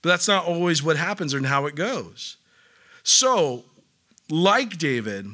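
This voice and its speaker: High bright-voiced pastor guy, chatty sermon, does funny little voices. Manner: conversational, playful, acts out little voices.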